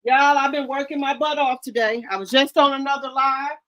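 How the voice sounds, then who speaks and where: A woman hosting a casual livestream from home, greeting viewers in the chat by name and bursting into loud exclamations, eating while she talks. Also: high-pitched, fairly even intonation, brisk. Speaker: livestream host. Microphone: streaming from home.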